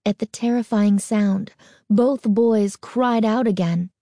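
Woman narrator, slow, warm mellow voice, dry close sound, suspenseful audiobook reading. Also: mid-range voice, no room sound. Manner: expressive, suspenseful storytelling.

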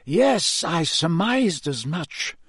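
A man reading aloud, voicing a serene, kindly old headmaster who speaks pleasantly, slowly and measuredly. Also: a little high, big pitch swings, fairly bright tone, breathy edge, no room sound, clean studio sound, voice pushed up, heavily acted.

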